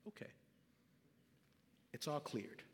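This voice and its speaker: Pastor doing a king in a sermon story, calm and quiet, lots of hall echo. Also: slow pace, slight background noise, close to an everyday voice. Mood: gentle. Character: stern king, later gently forgiving.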